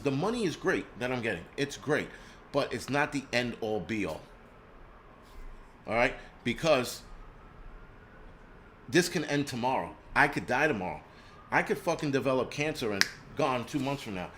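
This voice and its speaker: A man's voice: mid-range voice, fairly bright tone, slight background noise. A man from the United States hosting his own channel, talking bluntly in a profane, rambling rant. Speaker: channel host. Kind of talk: casual livestream rant.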